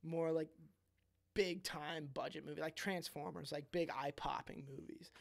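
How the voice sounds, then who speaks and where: Chatty higher-voiced man, rambling casual. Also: fairly even intonation, moderate pace, vocal fry. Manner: rambling, swears freely, lots of "like". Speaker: podcast host. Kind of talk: casual chat.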